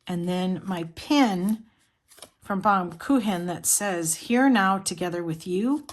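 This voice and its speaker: A woman's voice: fairly low pitch, lively intonation, takes it slowly. Rambling heartfelt middle-aged woman vlogger. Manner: heartfelt, rambling with many fillers. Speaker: planner vlogger. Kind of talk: casual show-and-tell chat.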